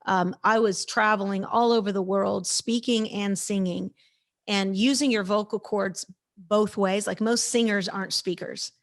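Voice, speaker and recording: A woman's voice: medium pitch, steady tone, a little slow. A woman in her fifties, an interview guest telling a faith story with energy and emphasis, acting out the lines of people in it. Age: 50s. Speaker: guest speaker.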